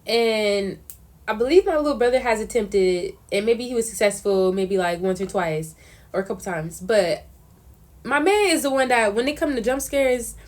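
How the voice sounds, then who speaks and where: A young woman answering questions in a casual vlog, telling stories in an animated, slangy way. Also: fairly high pitch, moderate pace. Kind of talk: casual chat.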